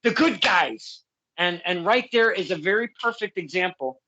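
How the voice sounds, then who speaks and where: A man's voice: sits high, lively intonation, normal speed, sharp tone, highs cut off. A man hosting a casual interview, effusive and heartfelt, rambling with many restarts. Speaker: podcast host.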